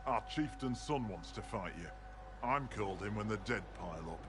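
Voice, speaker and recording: An actor playing a blunt, dry-witted male clan healer and mystic in a video game, speaking tersely and gruffly. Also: fairly low pitch, lively intonation, normal speed, noisy background, close to an everyday voice. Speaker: game character.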